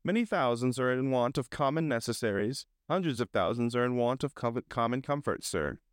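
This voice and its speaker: A man reading a storybook and voicing a polite, formal, portly gentleman collecting for charity, in a dry recording. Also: medium pitch, animated, a little fast, dry recording, natural voice.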